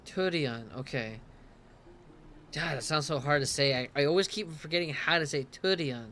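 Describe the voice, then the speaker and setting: A man's voice: on the high side, normal speed, fairly bright tone. A man doing casual gameplay commentary, reading subtitles aloud, giggly and self-mocking. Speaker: gaming streamer.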